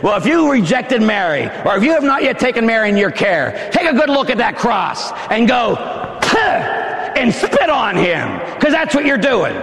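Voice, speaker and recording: A male preacher giving a fiery sermon in a church, shouting emphatic lines with dramatic pauses. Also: very high-pitched, very animated, vocal fry. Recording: long hall reverb.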